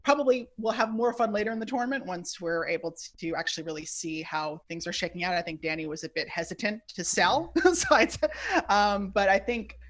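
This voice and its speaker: A man as a podcast interview guest, speaking in a measured, thoughtful way with some hesitations. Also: high voice, a bit bright. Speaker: guest tennis editor.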